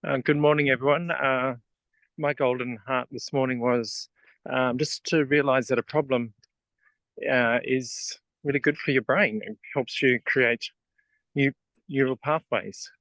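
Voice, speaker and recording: A man's voice: mid-range voice, steady tone, a little slow, fairly bright tone, dry recording, low-quality recording. A man sharing briefly in an online class, speaking hesitantly with fillers. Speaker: class participant.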